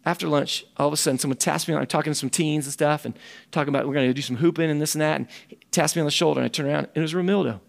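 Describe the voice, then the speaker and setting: Earnest preacher guy telling a story, kinda high voice with lots of gravel, repeats himself. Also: very fast. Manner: animated and earnest, repeats words. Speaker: ministry director and speaker. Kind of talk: storytelling sermon talk.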